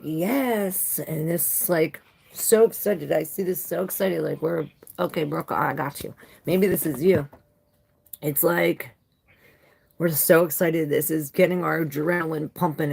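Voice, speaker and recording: A woman's voice: low voice, creaky, a little hiss or hum. A woman doing a casual live tarot reading who talks loosely, swears freely and greets viewers by name. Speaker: tarot reader.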